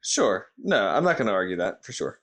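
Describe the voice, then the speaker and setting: A man co-hosting a podcast in casual chat, blunt and quick to swear. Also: lowish voice, big pitch swings, fairly bright tone. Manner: blunt, swears, reads aloud from the book. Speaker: podcast co-host.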